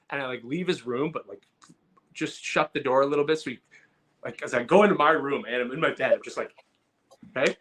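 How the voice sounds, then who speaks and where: A man co-hosting a comedy podcast, telling a story in a casual, animated way and acting out loud outbursts. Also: mid-range voice, quick pace. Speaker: podcast co-host.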